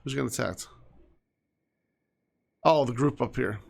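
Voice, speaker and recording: Gravelly-voiced man chatting over gameplay. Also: mid-range voice, a little slow, a little mellow. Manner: chatty, talks to his game characters, drops to mutters. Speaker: gaming streamer. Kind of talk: casual gameplay commentary.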